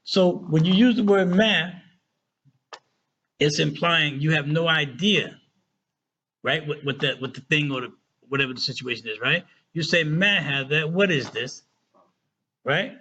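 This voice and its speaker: A man teaching a casual Arabic lesson who often checks in with "right?" and "okay?" and slows down to spell out words. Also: fairly high pitch, sharp tone, slightly rough, highs cut off.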